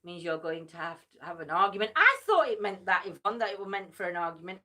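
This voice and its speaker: A woman's voice: on the low side, sing-song, quick pace, bright, forceful tone. A woman hosting a casual livestream, chatty and teasing, tired and yawning. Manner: chatty, laughs often, teasing. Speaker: livestream host. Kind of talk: casual live chat.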